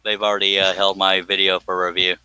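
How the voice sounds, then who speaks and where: A man's voice: low-pitched, monotone, a little fast, pushed and bright, clear, resonant tone, no room sound, poor audio. A man hosting a casual live stream, joking, laughing often and thanking viewers by name. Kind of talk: casual live stream chat while woodworking.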